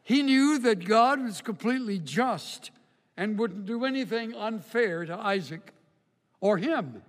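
A man preaching in a long-reverb hall, with a high voice and an unhurried, measured pace. He builds to loud, emphatic peaks and then sinks low and slow. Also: expressive. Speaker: pastor. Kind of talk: sermon.

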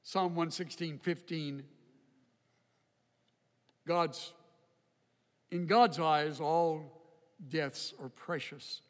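An older man preaching a sermon in a slow, reflective way, with emphatic rises. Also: on the high side, steady tone. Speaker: pastor. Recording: hall reverb.

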